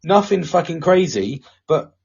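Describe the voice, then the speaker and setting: A man's voice: a little high, expressive, unhurried, vocal fry, a little mellow, slightly rough, lo-fi sound. A man co-hosting a casual podcast chat, rambling and swearing freely, with a tension headache. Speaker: podcast co-host.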